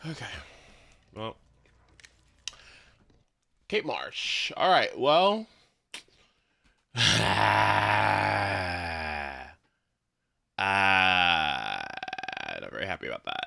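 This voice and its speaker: Male live streamer at home, slow-talking and exasperated, sharp bright tone, swears and stammers mid-rant. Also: deep voice, very animated, creaky. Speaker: livestream host. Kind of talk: casual live-stream chat.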